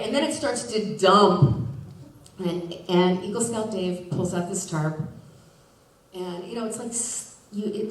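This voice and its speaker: A woman from Washington State telling a personal story live on a theater stage, chatty and full of "like" and restarts, laughing through her lines. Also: medium pitch. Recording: echoey theater, voice from far off.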